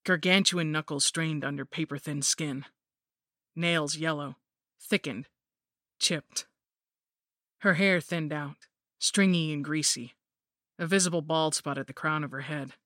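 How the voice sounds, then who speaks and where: A woman's voice: low voice, bright, forceful tone, dry recording, clean studio sound. Woman narrating a grim horror story.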